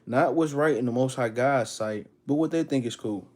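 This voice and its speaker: A man leading a casual Bible study class, mixing laid-back slang with slow, emphatic scripture reading. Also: mid-range voice, a little mellow. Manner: laid-back slangy talk, calls listeners "man" and "sis"; reads verses aloud with slow emphasis.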